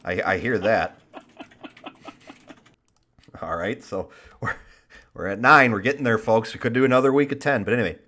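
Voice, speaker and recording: A man's voice: medium pitch, moderate pace, long pauses, sharp tone. A man co-hosting a podcast in casual chat, joking, mocking himself and reading chat messages aloud. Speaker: podcast co-host.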